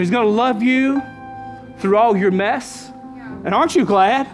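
A man's voice: high voice, measured pace. A pastor preaching a sermon, emphatic, repeating his key lines and calling out to the congregation, with faint music behind him. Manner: emphatic preaching with repeated phrases and call-outs.

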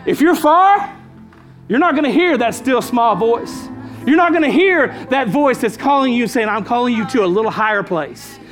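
A man's voice: very high-pitched, lively intonation, moderate pace, fairly bright tone. A pastor preaching a sermon, emphatic, repeating his key lines and calling out to the congregation, with faint music behind him. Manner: emphatic preaching with repeated phrases and call-outs.

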